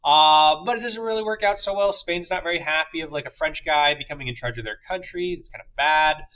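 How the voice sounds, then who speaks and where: Young guy teacher rambling thru a history lecture, kinda high bright voice, lots of uh's and jokey asides. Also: fairly quick, muffled recording. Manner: chatty, loose, many fillers, playful asides. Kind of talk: casual classroom lecture.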